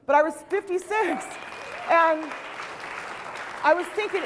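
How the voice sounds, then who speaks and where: A woman's voice: very high voice, a little slow, pauses often, a bit bright, big-room sound, a faint crowd, slight background noise. A woman in her late fifties giving a chatty, self-deprecating motivational talk on stage, acting out the voices she quotes. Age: 50s. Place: stage in a large hall.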